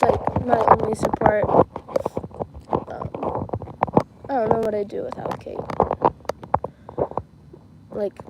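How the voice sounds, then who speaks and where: A teenage girl chats through a livestream in a slightly high, unhurried voice, giggling and saying "like" and "um" a lot. There is clear noise in the background of the home stream. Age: teens. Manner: chatty, giggly, many fillers like "like" and "um". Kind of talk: casual livestream storytelling.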